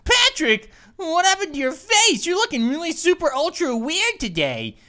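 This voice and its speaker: A woman's voice: extremely high pitch, big pitch swings, moderate pace, sharp tone, full character voice. A woman voicing a goofy, hyper cartoon gaming host who stammers and giggles through comedic let's play commentary.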